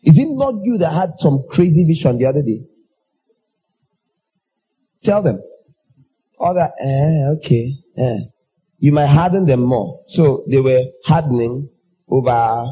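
A man preaching a sermon in an animated way, acting out everyday exchanges in raised voices. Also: husky, dull audio. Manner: animated, acts out dialogue in high voices.

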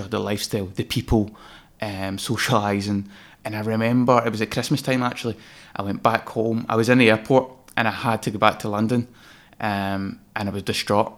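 Scottish guy on a podcast, lowish voice, talks real candid, swears a bit. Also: moderate pace. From Scotland. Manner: candid, swears freely, animated when reliving moments. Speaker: podcast guest, designer. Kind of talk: casual interview storytelling.

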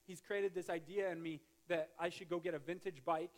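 A man's voice: on the high side, fairly even intonation, brisk. A male pastor giving a conversational sermon, with joking asides and restarts. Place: church sanctuary.

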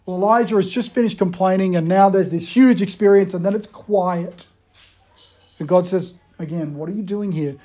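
A man delivers a sermon in a conversational way. His voice sits high but sounds mellow and soft-edged. He swings between emphatic bursts and quiet, hushed retellings. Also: moderate pace. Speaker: preacher.

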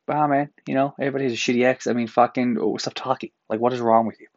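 A man's voice: mid-range voice, animated, fast talker, dry recording, lo-fi sound. A man from Newfoundland hosting a solo podcast, ranting in an exasperated, profane way. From Newfoundland, Canada. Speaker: podcast host. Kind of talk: casual solo podcast rant. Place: apartment room.

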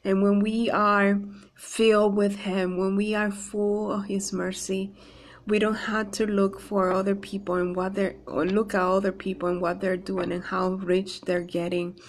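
A woman gives an informal Bible devotional, first reading scripture and then explaining it in her own words. She speaks slowly and evenly, with little rise and fall in her voice. Her delivery is earnest but halting, with frequent pauses and restarts. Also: medium pitch, level tone, a little hiss or hum.

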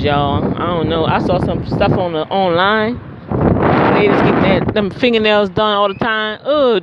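A high-pitched man tells his viewers a story in a loose, chatty vlog, exclaiming and calling out to them as he goes. The sound is muffled and dull. Loud wind rushes across the mic throughout. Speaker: retail store worker.

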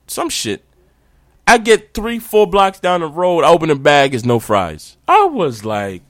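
A man hosting a podcast, ranting in a casual, animated, slangy way. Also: high voice, no room sound. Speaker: podcast host.

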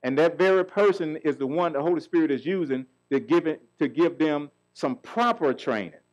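A man's voice: on the high side, expressive, moderate pace, highs cut off. A middle-aged man preaching a sermon as pastor, calling out questions for the congregation to answer. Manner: call-and-response preaching, asks the congregation questions.

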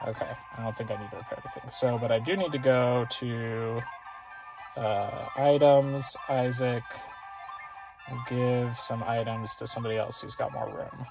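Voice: mid-range voice, steady tone, moderate pace, over music. A let's play gamer giving casual, rambling commentary on their gameplay and often correcting themselves. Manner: rambling, self-correcting, chatty.

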